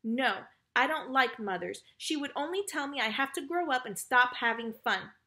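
A woman's voice: sits high, animated, normal speed, sharp tone, heavily acted. A woman voicing a proud boy who never grows up, speaking coolly and bitterly.

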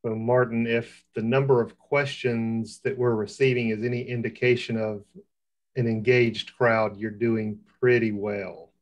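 A man's voice: mid-range voice, flat delivery, unhurried. A man hosting an online talk, reading audience questions in an easygoing way. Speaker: host. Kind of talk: interview questions.

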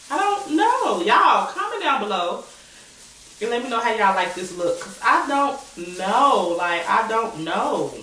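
Slangy, animated woman vlogger, bright voice. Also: a little high. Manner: slangy, animated, repeats herself. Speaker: mukbang and reaction vlogger. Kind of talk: casual chat while eating. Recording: echoey room, mic at a distance, faint noise.

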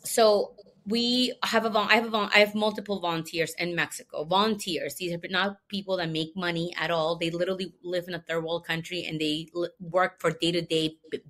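Rescue founder lady telling a story, kinda low voice, animated and emotional, keeps restarting. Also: fairly quick. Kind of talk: casual storytelling.

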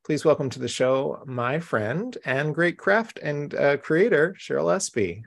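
A man's voice: fairly high pitch, lively intonation, a little slow, creaky. A man hosting a live-streamed craft show from home, chatty, upbeat and welcoming. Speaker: host.

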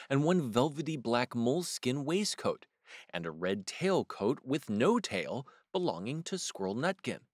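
A man hosting storytime, reading a children's picture book aloud with expressive, unhurried narration. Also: mid-range voice, no room sound, studio quality. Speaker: storytime host.

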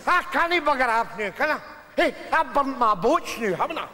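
An actor with a Glaswegian Scottish accent playing a scruffy, sarcastic Glasgow street philosopher in a live stage sitcom. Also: male voice, very high-pitched, very animated, moderate pace, sharp tone, heavily acted. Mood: exasperated. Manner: sarcastic, blunt, swearing. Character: scruffy sardonic Glasgow street philosopher, middle-aged man. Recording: reverberant live theatre stage with audience noise.

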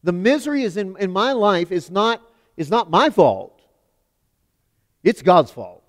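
A man preaching a sermon in a church, emphatic, swinging from loud declarations to hushed lines. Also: sits high, sing-song, measured pace. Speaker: pastor. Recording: long hall reverb.

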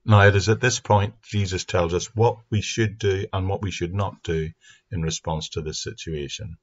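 A man teaching a Bible passage on his podcast in an earnest, steady way. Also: low-pitched, normal speed, husky, dull audio. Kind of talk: recorded Bible study podcast. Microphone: speaking into a mic.

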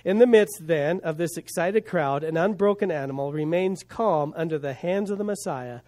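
A male pastor preaching a sermon, building emphasis with rhetorical questions and dropping to quiet asides. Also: a little high, moderate pace.

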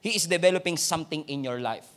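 High-voiced Filipino preacher. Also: male voice, fast talker, fairly bright tone, soft background music. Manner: conversational preaching with rhetorical questions and exhortations. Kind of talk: sermon.

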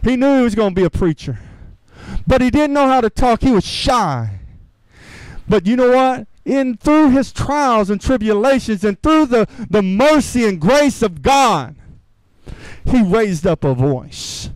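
Pastor guy preaching, really high voice, keeps asking "amen?", super dry close sound. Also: big pitch swings, unhurried, no echo, rough recording. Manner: repetitive rhetorical questions, calls for amen; informal grammar, earnest preaching. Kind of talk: sermon.

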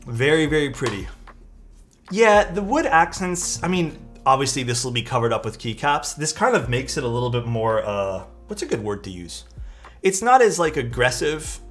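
A man with a mid-range, slightly bright voice talks casually and very animatedly at normal speed while live streaming. As he unboxes keyboard parts over faint music, he thanks his chat and thinks out loud.

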